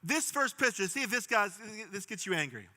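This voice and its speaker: A man's voice: high voice, big pitch swings, brisk, sharp tone. A man in his thirties preaching a sermon in a church, telling stories, joking and drawing the congregation in. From Pittsburgh, USA. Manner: storytelling, jokey, works the crowd. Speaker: pastor. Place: large church hall. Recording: long hall reverb.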